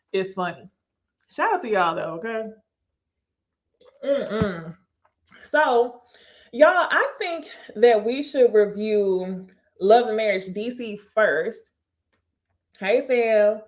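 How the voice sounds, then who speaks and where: A woman from Texas with a slight Texas accent, hosting a casual live stream on her channel, chatting to viewers and laughing often. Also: fairly high pitch. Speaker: YouTube host.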